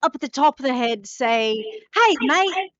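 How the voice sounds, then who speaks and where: A woman's voice: high-pitched, expressive, unhurried, fairly bright tone, a little hiss or hum, voice pushed up. A woman voicing a brash, cheerful young female drow adventurer with a put-on Australian accent and slangy talk, in muffled online-call audio. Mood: chatty. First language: American English. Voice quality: slangy, calls people mate. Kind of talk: tabletop role-play.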